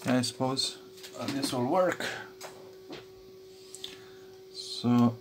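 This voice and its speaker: Slow-talking guy w/ a soldering at his bench, lots of uhs and restarts, faint hum behind. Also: mid-range voice. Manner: halting, many fillers and restarts, chuckles to himself. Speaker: electronics hobby vlogger. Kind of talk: casual workbench commentary.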